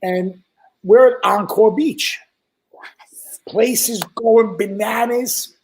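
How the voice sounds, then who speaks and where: A man from Staten Island with a New York accent, telling a profane, animated anecdote as a guest in casual chat. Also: high voice, takes it slowly, vocal fry, slight background noise, rough recording. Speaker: guest storyteller.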